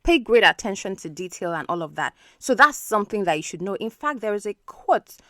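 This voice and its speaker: A woman's voice: medium pitch, sing-song, fairly quick, a bit bright, no echo, clean studio sound. Patient woman teaching English. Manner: patient, explanatory, checks in with frequent "okay?". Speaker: English teacher and podcast host. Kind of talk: podcast English lesson.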